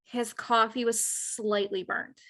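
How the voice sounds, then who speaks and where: A young woman, a podcast guest, telling work stories in casual chat, animated and swearing freely. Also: a little high, takes it slowly, a crowd in the background.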